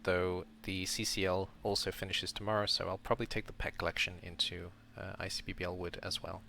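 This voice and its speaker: Low, gravelly-voiced man rambling through a round-up. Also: flat delivery, a little fast, sharp tone, a little hiss or hum. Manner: rambling, self-correcting, thinking aloud. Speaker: streamer and league commentator. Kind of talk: casual game round-up commentary.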